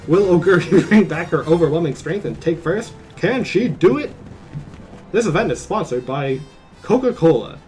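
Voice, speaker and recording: A man's voice: a little high, animated, normal speed, a little mellow, soft background music, lightly acted, rough recording. A man doing a grand old-style race announcer. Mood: excited. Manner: transatlantic voice, theatrical. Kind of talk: voicing game text on stream.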